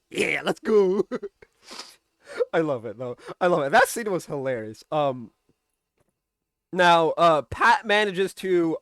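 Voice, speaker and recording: Chatty man with a higher voice, dry sound. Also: fairly bright tone, dry recording. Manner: chatty, keeps asking "right?", swears casually, laughs often. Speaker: TV episode reviewer. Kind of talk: casual recap and commentary.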